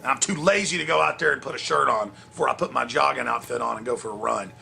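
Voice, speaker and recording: Gravelly man ranting and shouting. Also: mid-range voice, quick pace, a little hiss or hum. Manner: shouting, profane, combative. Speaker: talk show host. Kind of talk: angry on-air rant.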